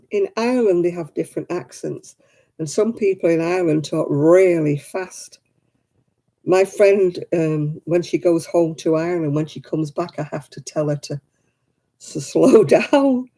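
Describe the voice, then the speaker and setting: Chatty woman with a mellow voice. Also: on the low side, moderate pace. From England. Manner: chatty, laughs often, answers viewers by name. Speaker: livestream host. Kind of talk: casual chat.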